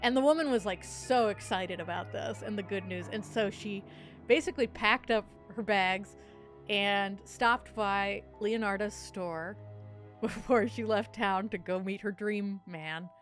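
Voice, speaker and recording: A woman's voice: mid-range voice, measured pace, faint music behind. A woman co-hosting a podcast, casually telling a true crime story with frequent laughter and a playful tone. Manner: animated, laughs often, tries a silly accent. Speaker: podcast co-host.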